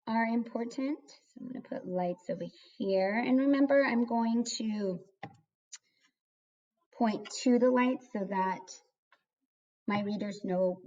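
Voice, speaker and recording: A woman's voice: medium pitch, dark tone, far from the mic. A young woman teaching a kindergarten writing lesson, sounding words out syllable by syllable. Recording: dull lo-fi recording.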